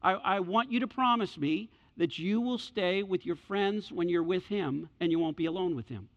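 Speaking at normal speed in a high, fairly bright voice, a middle-aged male pastor delivers a sermon. He leans on repeated phrases and performs the quoted voices in his stories, captured on a dull lo-fi recording with hall reverb.

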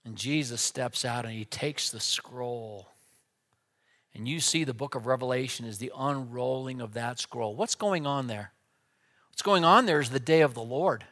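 A man preaching a sermon with dynamic delivery, dropping to a hush and then rising to loud, emphatic lines. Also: medium pitch, moderate pace.

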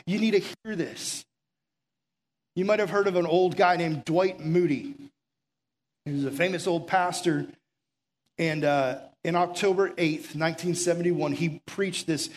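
A man preaching a conversational sermon as pastor, urgent and full of rhetorical questions. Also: high-pitched. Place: room with a gathered audience.

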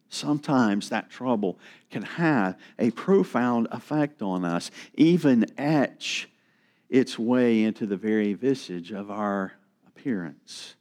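A middle-aged man preaching a sermon, slow and earnest, dropping to a hush for emphasis. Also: medium pitch. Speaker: pastor.

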